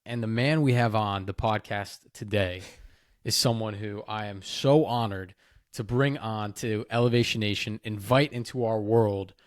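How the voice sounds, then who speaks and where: A man's voice: fairly low pitch, normal speed, no echo, clean studio sound. Enthusiastic male podcast host. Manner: animated storyteller, enthusiastic. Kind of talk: casual podcast chat.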